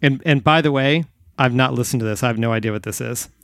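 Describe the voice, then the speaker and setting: A man's voice: mid-range voice, quick pace, a bit bright, dry recording. Male podcast host, casual and rambling, dry close sound. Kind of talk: casual chat.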